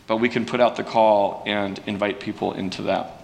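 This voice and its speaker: Folksy pastor in an echoing hall. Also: male voice, fairly even intonation, normal speed, gravelly, a little mellow. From California. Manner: folksy, self-deprecating, with frequent restarts and fillers. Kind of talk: conversational sermon talk. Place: church sanctuary. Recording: distant mic with long hall reverb and faint rumble.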